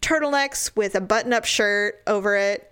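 A young woman chatting casually as a podcast co-host, telling stories with lively acted-out quotes. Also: moderate pace, clean tone. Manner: animated storyteller, acts out quotes in high squeals. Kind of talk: casual chat.

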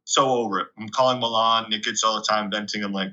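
A young man from Canada, a guest telling stories in a casual, chatty way, full of 'like' and animated retellings. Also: fairly low pitch, quick pace, hardly any pauses. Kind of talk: casual storytelling. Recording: dull lo-fi recording.

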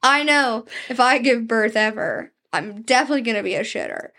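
A woman's voice: a little high, expressive, brisk, bright, forceful tone. A young woman co-hosting a podcast in casual chat, crude and joking, laughing often. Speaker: podcast co-host.

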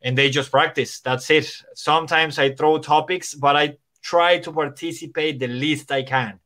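A man's voice: a little high, steady tone, moderate pace, bright, forceful tone. A man co-hosting a casual podcast chat as an English teacher, talking with frequent restarts and repeated words. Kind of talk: casual conversation.

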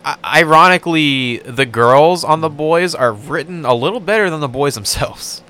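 A man co-hosting a podcast in casual chat, animated and swearing freely. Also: a little high, clear, resonant tone. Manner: animated, swearing, quick bursts. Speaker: podcast co-host.

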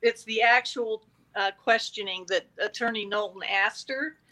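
A woman's voice: a little high, normal speed, low-quality recording. A woman in casual conversation, telling a true-crime story with animation and acting out quoted exchanges. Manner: animated, acts out the quotes from the record.

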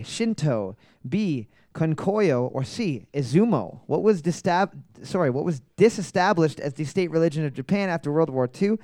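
A young man hosting a casual trivia night, reading each question slowly twice and tossing in joking asides. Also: on the high side, a little mellow, no echo, studio quality. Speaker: trivia host.

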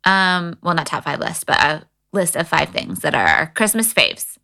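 A woman in her thirties co-hosting a podcast, telling stories in casual chat and leaping into high voices when she quotes. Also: normal speed, gravelly. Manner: animated storyteller, jumps into high voices when quoting. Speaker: podcast co-host.

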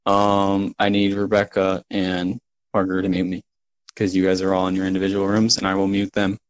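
A man narrating as game master of a tabletop game, relaxed and full of fillers. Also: low-pitched, moderate pace, dry recording, low-quality recording.

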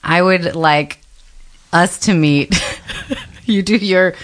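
A woman's voice: fairly low pitch, slow pace. A woman co-hosting a podcast in casual chat, hesitant and full of fillers.

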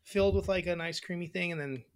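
A man's voice: high voice, fast. A man co-hosting a casual podcast, rambling and swearing casually as he chats. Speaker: podcast co-host. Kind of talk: casual chat.

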